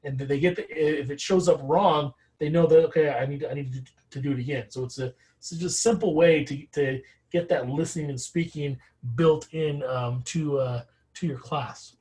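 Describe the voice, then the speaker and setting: A man co-presenting a teacher webinar, speaking in a halting way with repeated words. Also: fairly high pitch, steady tone, a little mellow, rough recording.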